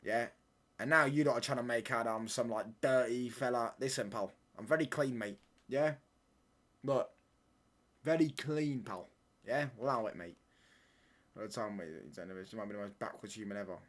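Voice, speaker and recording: A man's voice: medium pitch, moderate pace. A young man hosting a live football watchalong stream from home, reading out viewer chat and answering it with bantering, mock-indignant talk. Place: home room.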